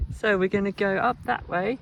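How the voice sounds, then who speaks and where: A woman's voice: medium pitch, gravelly, noisy background. A woman narrating a casual walking vlog outdoors in a chatty, wry, easily amused way. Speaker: travel vlogger. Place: outdoors, walking through countryside.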